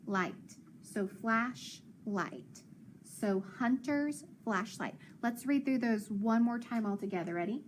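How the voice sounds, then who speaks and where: A woman teaching a phonics lesson to young children, patient and encouraging, sounding out letters and words slowly. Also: a little high, slight background noise.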